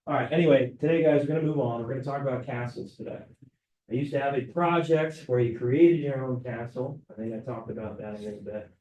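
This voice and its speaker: A man's voice: medium pitch, fast, mellow. Casual man lecturing a classroom. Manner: casual, keeps asking "right?". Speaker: teacher. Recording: roomy classroom, mic far off.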